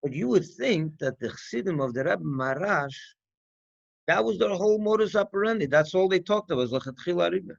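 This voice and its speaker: In this farbrengen talk, a male rabbi with a fairly high, lilting voice and some vocal fry teaches in a relaxed, conversational way. He's brisk and animated, repeatedly asking rhetorical questions and starting his ideas over. The recording comes across as dull and dry.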